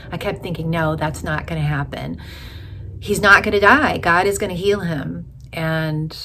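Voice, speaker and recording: A middle-aged woman speaking in a slightly low voice, recounting a personal story with tenderness. Her delivery is emotional and at times sinks to a hushed near-whisper. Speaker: widowhood coach.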